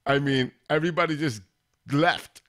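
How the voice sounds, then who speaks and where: A man's voice: a little high, moderate pace, a bit bright. A man hosting his own live stream, chatting casually and rambling as he talks straight to viewers in chat.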